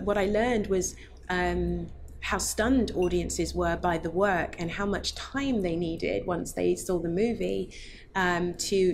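A woman film director giving a thoughtful junket interview, pausing and restarting her sentences as she works through her thoughts. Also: on the low side, vocal fry, a little mellow, a little hiss or hum. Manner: thoughtful, halting, many restarts.

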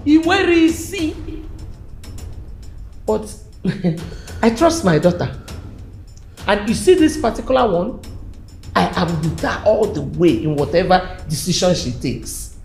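尼日利亚口音中年岳母，斥责女婿，语速缓慢，语调起伏大，录音有房间回声. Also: female voice, medium pitch, expressive, takes it slowly, long pauses, darkish tone, soft background music. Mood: scornful. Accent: Nigerian. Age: middle-aged. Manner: scolding, mixes in Igbo words. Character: indignant middle-aged mother scolding son-in-law. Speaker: mother-in-law. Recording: echoey indoor room.

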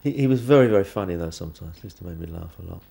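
A man with a dark, gravelly, fairly low voice rambles fondly through memories. He drops into quick impressions of other people while he talks. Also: expressive. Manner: rambling, with mimicry and laughter. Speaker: interviewee. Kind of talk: reminiscing interview.

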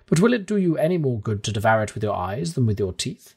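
A man's voice: mid-range voice, sing-song, fast, a little mellow, slightly rough, exaggerated voice. A man voicing a stern, determined older male professor in an audiobook reading, with a firm, lecturing manner. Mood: firm, resolute. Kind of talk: audiobook character voice.

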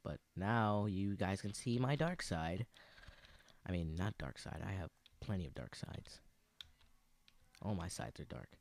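A man's voice: low voice, lively intonation, measured pace, long pauses. A young man rambling through gaming commentary, arguing with himself and slipping into silly voices. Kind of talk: let's play commentary.

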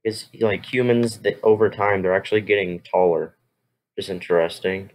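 A man's voice: sits low, normal speed, slight background noise, low-quality recording. A man reacting to a history video with rambling, exclamatory casual asides.

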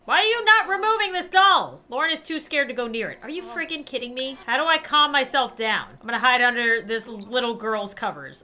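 Young female gaming host, bright and animated, quick playful reactions. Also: high-pitched. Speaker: gaming YouTuber. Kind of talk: let's play commentary.

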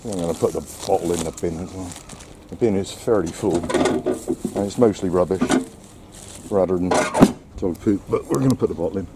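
A man's voice: low-pitched, normal speed, heavy background noise. A man giving casual vlog commentary outdoors while walking his dog, full of wry, sarcastic asides. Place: outdoors on a seaside quay.

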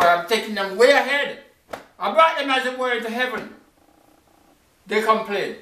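A male preacher with a high, bright voice delivers an emphatic sermon. He punctuates his points with rhetorical questions and sudden jumps in pitch. The recording is roomy and echoey, with the mic set some distance away.

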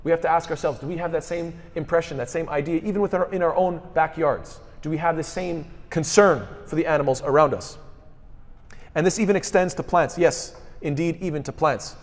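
A man's voice: a little high, fairly quick, in a large hall. A man delivering a sermon, asking rhetorical questions and quoting scripture in Arabic. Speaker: speaker at a mosque.

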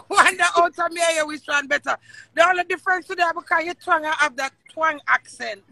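A woman's voice: very high voice, a little fast, vocal fry, pushed and bright, no room sound. A woman, teasing and laughing in a live-stream argument.

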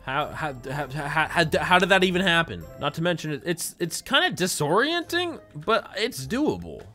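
A young man doing excitable, jokey commentary over a video game, reacting loudly and often shouting at what happens on screen. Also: fairly high pitch, normal speed. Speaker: gaming YouTuber. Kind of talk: let's play commentary. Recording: faint game music behind.

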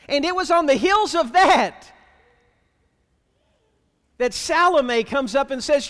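A man with a very high voice preaches a sermon in a church sanctuary, and the sound rings out with a long reverb. He is plainspoken and wry, and he keeps turning to the congregation with rhetorical questions. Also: lively intonation, a little slow, a bit bright. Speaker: pastor.

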